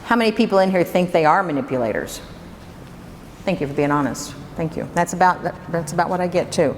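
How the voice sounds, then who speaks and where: A woman with a fairly low voice gives a workshop talk to a live audience, chatting and firing questions at the room. Her voice rings with a long hall reverb, and a faint room hum sits under it. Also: fairly quick. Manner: conversational, poses questions to the audience. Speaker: workshop presenter.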